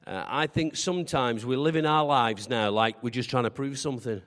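A man's voice: mid-range voice, moderate pace, a bit bright. Man preaching with long hall reverb. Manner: conversational, asks the congregation questions; humorous, self-deprecating storytelling. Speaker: pastor. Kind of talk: sermon.

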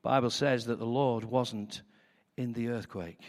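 A man preaching a sermon with passion, moving between hushed, prayerful lines and loud declarations. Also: medium pitch, steady tone, a little slow, big-room sound.

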